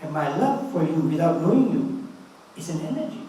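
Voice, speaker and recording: A man's voice: fairly high pitch, lively intonation, brisk, warm tone, a little hiss or hum. A man in his eighties giving an earnest, fatherly spiritual talk, telling stories to his listeners. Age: 80s. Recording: roomy, distant mic with faint ambience.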